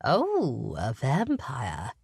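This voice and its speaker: A woman reading an audiobook, voicing a frail, sharp-eyed old woman, sick in bed, who teases in a wry, blunt way. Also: very deep voice, wildly swooping pitch, drawn-out words, creaky, husky, no room sound, clean studio sound, full character voice. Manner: wry and teasing. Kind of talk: audiobook character voice.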